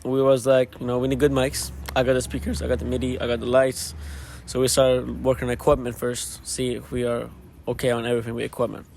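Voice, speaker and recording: A man, a DJ and show organizer, hoarse after losing his voice, talking tiredly in a casual post-show interview. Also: medium pitch, monotone, fast talker, few pauses, darkish tone, slight background noise. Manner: tired, laid-back, rambling with fillers. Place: at a live event venue after a show.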